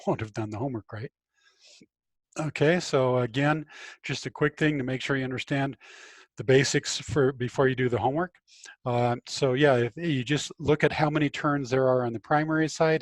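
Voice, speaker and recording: A man's voice: medium pitch, no echo. Chatty male teacher lecturing from home. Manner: relaxed, chatty, many fillers and restarts. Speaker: high school physics teacher. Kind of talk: casual online class lecture.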